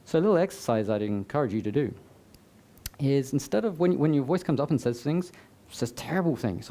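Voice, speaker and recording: Man, motivational stage talk, mellow relaxed tone, chatty, joking asides, live audience event. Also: a little high, brisk. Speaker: summit speaker.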